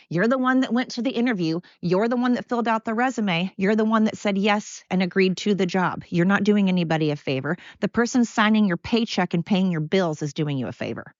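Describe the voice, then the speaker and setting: A woman's voice: medium pitch, no echo, muffled recording. An older woman hosting a solo podcast from home, ranting bluntly and sarcastically with plenty of profanity. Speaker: podcast host.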